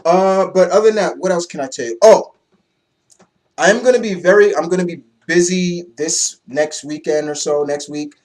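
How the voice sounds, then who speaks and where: A young man giving a casual, excitable comic book review, loose and swearing freely. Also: sits high, moderate pace.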